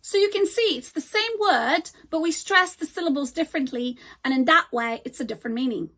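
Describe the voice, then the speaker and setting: A high-pitched woman gives a scripted English grammar lesson. She slows right down to model each example word with care. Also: sharp tone. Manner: slow, deliberate modeling of example words. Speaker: English teacher.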